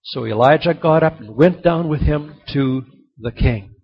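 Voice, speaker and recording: A man preaching a sermon, telling stories and swinging between loud emphasis and soft, quiet drops. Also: a little high, measured pace, slightly rough. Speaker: pastor. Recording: dull lo-fi recording.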